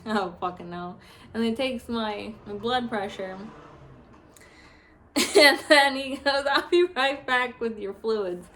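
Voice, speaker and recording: A woman's voice: fairly high pitch, pushed and bright. A young woman telling a story in a casual vlog, laughing often and swearing as she vents. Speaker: vlogger.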